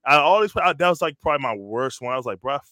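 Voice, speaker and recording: Casual sports-show host, a man with a bright, forceful voice who tells stories full of slang. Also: on the high side, racing, no room sound, clean studio sound. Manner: animated storytelling, slangy, says "bro" constantly. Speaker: podcast host, former college lineman. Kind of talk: casual chat.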